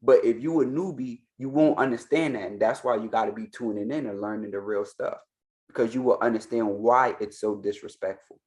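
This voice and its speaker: A man's voice: mid-range voice, a little fast, a little mellow. Emphatic man repeating his points. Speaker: Ifa priest and reaction commentator. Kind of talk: reaction commentary.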